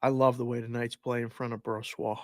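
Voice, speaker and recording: A man co-hosting a sports podcast, a former player and youth coach, explaining hockey in a measured, wry way. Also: mid-range voice, flat delivery, darkish tone, no echo, studio quality. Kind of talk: casual sports talk.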